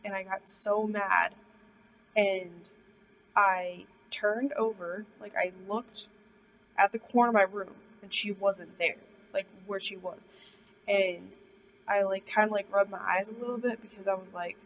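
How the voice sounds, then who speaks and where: A woman's voice: medium pitch, a bit bright. Rambling young woman telling a scary story. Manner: rambling, heavy use of "like". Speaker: vlogger. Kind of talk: casual storytelling. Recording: dull distant recording with faint hiss.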